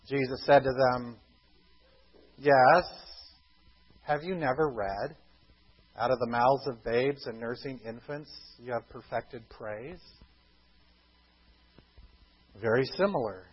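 A man preaching a sermon, emphatic, slowing down for scripture quotes and dropping low for quiet asides. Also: breathy edge, muffled recording. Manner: emphatic, slows for quotations, drops to quiet asides. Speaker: pastor.

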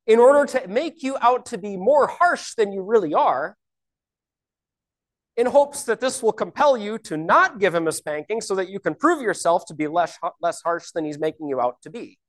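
Woman teaching scripture with lively pitch. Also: normal speed. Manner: explanatory, rhetorical questions. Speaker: Bible teacher. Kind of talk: Bible teaching.

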